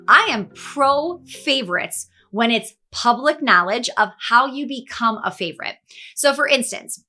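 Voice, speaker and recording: A middle-aged woman business coach giving an energetic, emphatic motivational talk, conversational and full of quick asides. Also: fairly high pitch.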